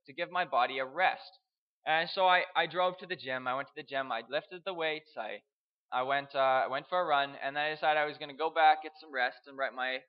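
A young man from Canada, telling a personal story in a halting way, repeating words and chuckling. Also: a little high, smooth, lo-fi sound. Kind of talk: storytelling speech.

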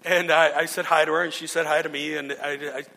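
In a room with long hall reverb, a pastor preaches earnestly through his stories, restarting again and again. His voice is a little high and sharp-toned, kept at a level pitch and moving slightly fast.

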